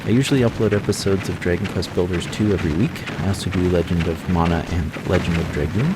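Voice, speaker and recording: A tired American man giving relaxed, rambling commentary over his gameplay as the host of a gaming channel. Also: deep voice, fast talker, few pauses, very noisy. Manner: relaxed, rambling, self-correcting. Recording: loud game sound effects behind voice.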